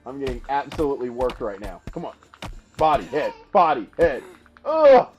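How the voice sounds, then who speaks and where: Excitable streamer, lively up-and-down voice. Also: male voice, mid-range voice, fairly quick, faint music behind. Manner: excitable, laughing, trash-talking the opponent. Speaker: gaming streamer. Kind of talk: casual live gameplay commentary.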